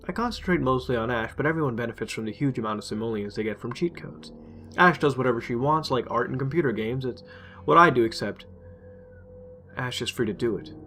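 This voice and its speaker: A man reading a dark first-person story aloud, intense and emotional. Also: medium pitch, expressive, a little fast. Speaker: narrator. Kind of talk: dramatic horror story reading. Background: faint music.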